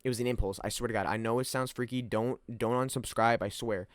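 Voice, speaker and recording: A man's voice: medium pitch, quick pace, no room sound. A young man casually retelling a wild personal story, rambling and swearing as he goes. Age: young adult. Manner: profane, rambling, animated retelling.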